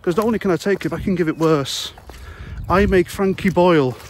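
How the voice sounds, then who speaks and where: A man's voice: sits high, brisk. British bloke in his 40s, sarcastic and sweary, huffing along a country path with his phone, wind and outdoor noise all over it. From Britain. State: breathing heavily while walking. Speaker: vlogger, ex-soldier and ex-prison officer. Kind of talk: sarcastic walking vlog monologue. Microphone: handheld phone camera. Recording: outdoor noise while walking.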